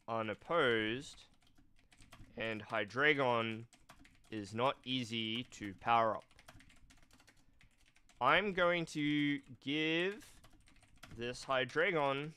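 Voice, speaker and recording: A male streamer with a nasal, cold-stuffed voice, chatting slowly and thoughtfully on a casual live stream. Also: mid-range voice, sharp tone, clean tone. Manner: slow, thoughtful, reads chat aloud. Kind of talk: casual live-stream chat about card games.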